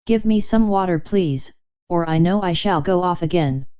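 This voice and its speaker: A woman's voice: fairly low pitch, moderate pace, warm tone, smooth, muffled recording, close to an everyday voice. A woman reading the part of a young woman putting on a silly, flustered act, babbling breathlessly. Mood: gushing.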